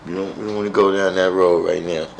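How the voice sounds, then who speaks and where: A man's voice: deep voice, steady tone, quick pace, vocal fry, roomy sound, slight background noise, low-quality recording. A man hosting a live stream, chatting casually with viewers in a wry, joking way and often repeating himself.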